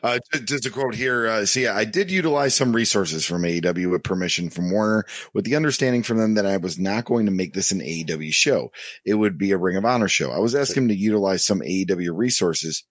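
A man's voice: on the low side, a little fast, no room sound, studio quality. A man co-hosting a business podcast, talking casually and reading quotes aloud with frequent fillers. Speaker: podcast co-host.

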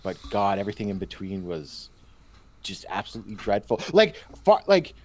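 A podcast guest chatting casually about wrestling and giving relaxed, frank opinions. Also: male voice, lowish voice, moderate pace.

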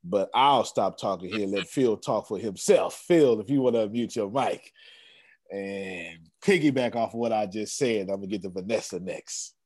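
A man's voice: lowish voice, moderate pace, darkish tone, no room sound. A man hosting a group video call, enthusiastic and emphatic, repeating his phrases and laughing often. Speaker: host of a coaching group call.

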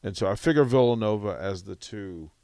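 Stammering gravelly sports radio man. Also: fairly low pitch, fairly quick, mellow, no echo. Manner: stammering, exasperated, teasing. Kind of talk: casual sports banter.

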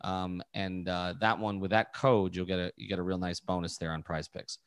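Sports podcast co-host, man, lowish voice, blunt takes, dry sound. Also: flat delivery, moderate pace, smooth, no echo. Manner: blunt, frank verdicts on the team. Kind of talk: casual basketball analysis.

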